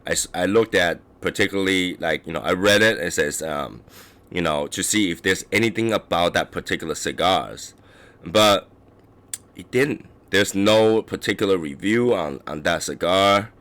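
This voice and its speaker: A man with a very deep voice, roughened into hoarseness, chatting loosely as a cigar stream host. He keeps clearing his throat and restarts his sentences as he talks. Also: moderate pace, fairly bright tone. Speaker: livestream host reviewing cigars. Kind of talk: casual rambling chat.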